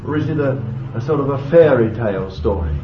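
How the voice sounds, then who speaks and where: A man's voice: mid-range voice, expressive, brisk, over music. A man preaching a sermon with fervent exclamations of praise and bursts of laughter. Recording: echoey, dull, lo-fi recording with faint noise.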